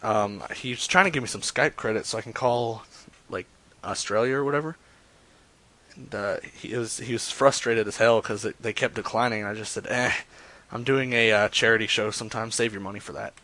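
A man with a lowish, sharp-toned voice talks briskly during a live stream. Between prank calls he chats loosely with viewers, using lots of fillers and jokes.

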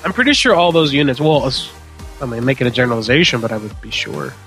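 A man's voice: mid-range voice, expressive, fast, creaky, fairly bright tone, faint music behind. A man co-hosting a show in casual chat, offhand and hedging his claims. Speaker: podcast co-host.

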